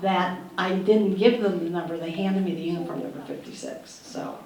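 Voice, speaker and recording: A middle-aged actress telling an animated anecdote at a panel, acting out the voices she quotes and laughing often. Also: lowish voice, moderate pace. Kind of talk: lively anecdote at a museum panel. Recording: distant roomy hall with faint noise.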